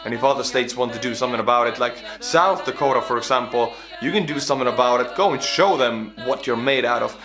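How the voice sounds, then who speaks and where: An Estonian man with an Estonian accent, a native Estonian speaker, giving animated, casual reaction commentary in English. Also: mid-range voice, fast talker, few pauses, music in the background. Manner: animated, exclaiming, laughing. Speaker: YouTuber reacting to a video.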